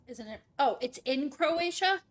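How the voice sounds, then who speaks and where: A woman's voice: high voice, animated, unhurried. A woman hosting a casual stream chat, talking in a rambling way with lots of "like" and "um". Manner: chatty, rambling, heavy use of "like" and "um". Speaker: streamer host.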